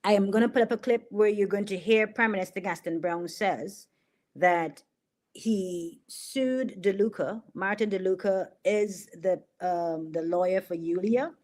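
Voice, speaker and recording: A woman's voice: medium pitch, measured pace, darkish tone. A middle-aged woman hosting a political commentary livestream, sarcastic and mocking, hammering points home with repetition. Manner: sarcastic, mocking, laughs at her own jokes; emphatic repetition.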